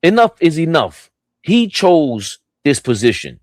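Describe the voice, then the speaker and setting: A man's voice: fairly high pitch, very animated, unhurried, dry recording, clean studio sound. A man hosting a sports talk stream, ranting in a heated, profane way. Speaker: host.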